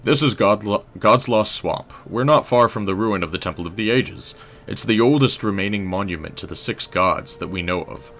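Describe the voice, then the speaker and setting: A man putting on a stoic, gruff historian in a low, gravelly voice, with a half-hearted mock British accent that comes and goes. His phrasing is formal and old-fashioned, and his tone is bright and forward despite the depth. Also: moderate pace, a little hiss or hum. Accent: mock British, drifting in and out.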